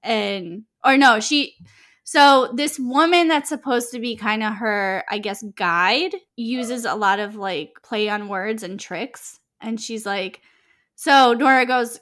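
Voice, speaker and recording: A woman's voice: fairly high pitch, a bit bright. Giggly, rambling young woman on a podcast. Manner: rambling, giggly, lots of fillers. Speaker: podcast co-host. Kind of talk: casual chat.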